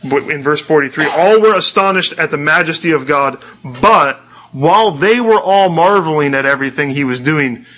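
Bright-voiced man preaching earnestly. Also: a little high, animated, moderate pace, muffled recording. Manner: earnest, conversational preaching with frequent restarts. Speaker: pastor. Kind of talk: sermon.

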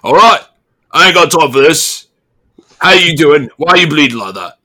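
A man voicing a gruff male town guard who talks in a rough, threatening way. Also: on the high side, sing-song, moderate pace, pushed and bright, heavily acted. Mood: impatient.

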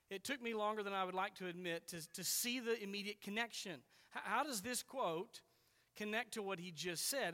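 A man delivers an expository sermon, earnest and patient as he explains, pressing down on key words. His voice sits high and bright. It carries a long reverb from a large church hall. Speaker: preacher.

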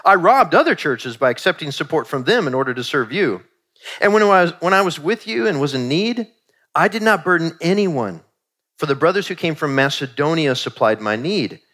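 A middle-aged man preaching a sermon in a conversational, animated way, acting out quoted asides. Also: fairly high pitch, normal speed. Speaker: pastor.

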